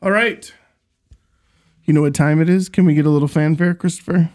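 A man's voice: a little high, steady tone, darkish tone. A young man co-hosting a casual movie chat, joking and teasing his co-host. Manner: joking, teasing, quick asides. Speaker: podcast co-host.

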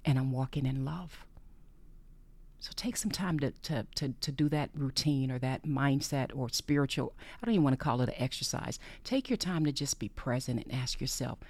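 A podcast host giving an earnest faith-based monologue, repeating phrases for emphasis and often sinking into a breathy whisper. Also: mid-range voice, lively intonation, a little fast, hardly any pauses, a little mellow, no echo.

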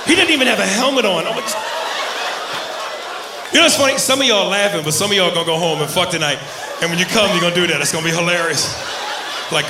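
A male stand-up comedian doing a loud, profane, rowdy routine on a club stage, often shouting. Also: high-pitched, animated, quick pace, very noisy. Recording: roomy club with loud crowd.

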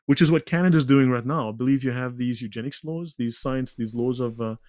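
Man, guest speaker walking through slides, digressive, sarcastic asides, mid-pitched voice, close dry sound. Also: fairly quick, a little mellow, no echo. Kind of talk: lecture-style talk in a conversation.

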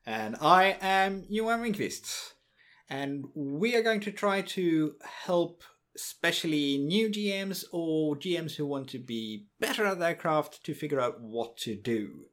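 A man in his forties co-hosting a casual podcast and speaking in a measured, deliberate way as an experienced game master. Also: fairly high pitch, expressive, fairly bright tone.

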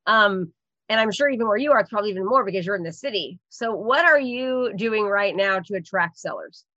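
A woman's voice: mid-range voice, expressive, brisk, bright, forceful tone, dry recording, highs cut off. A woman hosting an interview and asking questions with energy. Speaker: podcast host and coach. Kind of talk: interview host.

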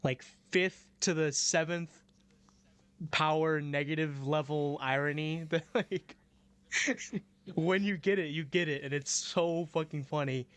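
A man's voice: fairly high pitch, fairly even intonation, measured pace, clear, resonant tone, no echo. A young man co-hosting a podcast in casual chat, rambling with lots of "like" and casual swearing. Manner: rambling, fillers like "like", curses. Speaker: podcast co-host.

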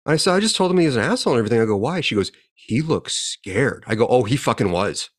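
A man's voice: medium pitch, racing. Profane man in his forties telling stories. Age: 40s. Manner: profane, animated storyteller. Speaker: podcast co-host. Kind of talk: casual storytelling chat.

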